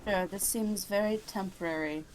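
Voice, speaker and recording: A woman's voice: mid-range voice, moderate pace, noisy background. A woman playing a tabletop game who talks in a hesitant, self-questioning way. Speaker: player. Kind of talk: casual tabletop play.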